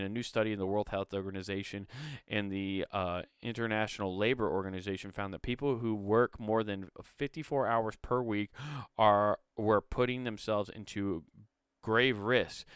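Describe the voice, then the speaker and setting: A man's voice: lowish voice, steady tone, moderate pace, clean tone, no echo, clean studio sound. A man casually reading an article aloud and breaking off to ramble, swear and make sarcastic asides. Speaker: video host.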